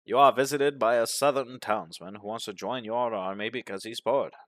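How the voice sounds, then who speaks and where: A man narrating a game playthrough, reading its events aloud in a deadpan manner. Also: medium pitch, moderate pace, dry recording. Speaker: gaming commentator.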